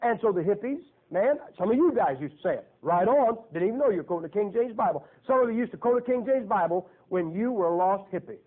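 A man's voice: high voice, expressive, quick pace, few pauses. A man preaching a sermon in a folksy, joking and emphatic way. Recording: tinny phone-like lo-fi recording.

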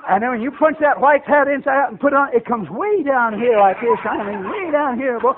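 A man preaching a folksy storytelling sermon, acting out voices and building to shouts. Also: very high voice, lively intonation, brisk, background noise. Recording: tinny phone-like radio broadcast.

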